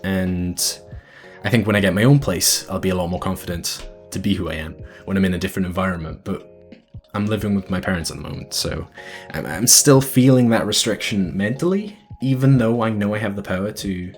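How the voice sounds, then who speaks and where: A young man with a fairly low voice talks earnestly at an online fan convention panel, rambling and doubling up words as he goes. He speaks from a room at home. Soft music plays faintly in the background. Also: brisk. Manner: earnest, rambling, repeats words when starting sentences. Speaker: convention panelist and video editor.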